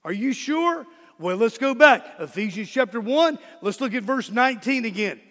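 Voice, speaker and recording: High-voiced man preaching in a reverberant hall. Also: lively intonation, moderate pace, a bit bright. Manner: emphatic preaching, repeats key words. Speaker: pastor. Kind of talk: sermon.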